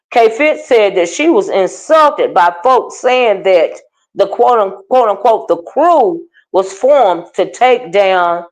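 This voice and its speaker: A woman's voice: mid-range voice, rough recording. A woman hosting a casual commentary stream, chatting with her live viewers by name and reacting to online drama. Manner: chatty, animated, talks to her chat by name. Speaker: commentary channel host.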